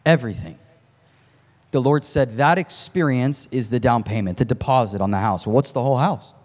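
Male preacher, storytelling sermon, builds to shouting peaks, casual asides to the crowd, long hall reverb. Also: mid-range voice, moderate pace. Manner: impassioned, climbs to near shouting at peaks; conversational asides to the congregation.

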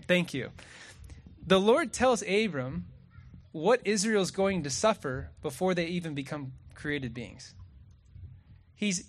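A man preaching a sermon outdoors at sunset, lively and joking, often asking the crowd questions and reading scripture aloud. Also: sits high.

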